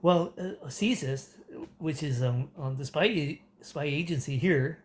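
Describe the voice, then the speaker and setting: Canadian man, fairly high voice, loose rambling rant with lots of ums and laughs. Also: slow pace. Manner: rambling, many fillers and restarts, frequent laughter. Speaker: political commentator. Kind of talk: casual rant to camera.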